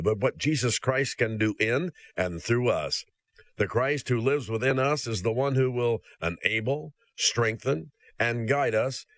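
A man's voice: on the low side, fairly bright tone, dry recording. A male preacher delivering a sermon, speaking earnestly and directly to the listener.

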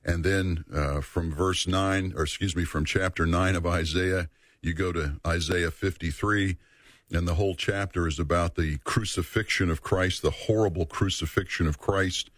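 A man teaching a Bible study series in an earnest, measured way, repeating words for emphasis. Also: low voice, fairly even intonation, fairly bright tone, dry recording.

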